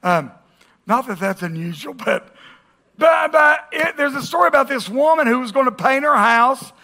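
A man preaches to his congregation in an easygoing, conversational way. His voice sits high and rings bright. He drops in jokes and keeps checking in with the room. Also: lively intonation, normal speed. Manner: conversational preaching with jokes and audience call-outs. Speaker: pastor. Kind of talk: sermon. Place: church auditorium with congregation.

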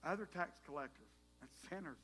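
A male preacher retells a story from scripture in his sermon, lively and joking with the congregation. His voice sits high and comes across forceful and bright. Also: brisk, faint music behind. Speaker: pastor.

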